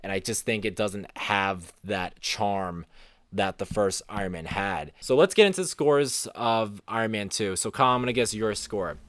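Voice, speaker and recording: A man co-hosting a casual movie review, rambling and repeating himself, getting louder and higher as he gets worked up. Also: normal speed, no echo. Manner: rambling, repeats words, rises in pitch and volume when animated.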